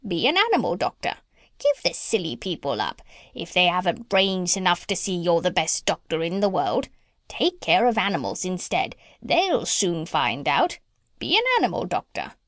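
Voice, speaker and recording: A woman voicing a bossy, talkative female parrot in a storybook reading, who chatters and squawks high bird sounds. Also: huge pitch swings, moderate pace, a bit bright, no echo, clean studio sound. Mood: insistent.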